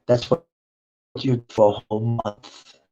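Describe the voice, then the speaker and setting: A man's voice: medium pitch, fairly even intonation, measured pace, warm tone. A man rambling through a profane personal monologue, swearing often and laughing between thoughts. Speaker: vlogger. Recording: dull lo-fi recording.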